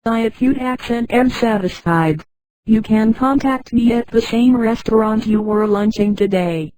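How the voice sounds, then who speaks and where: A woman's voice: on the high side, unhurried, no echo, natural voice, rough recording. A woman reading a stranded adventurer man. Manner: flat, even synthetic reading. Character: grown man, stranded space traveller.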